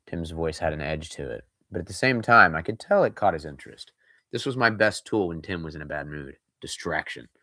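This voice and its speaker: Man, scary story reading, casual joking asides, deep voice, dry close sound. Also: sharp tone, no room sound.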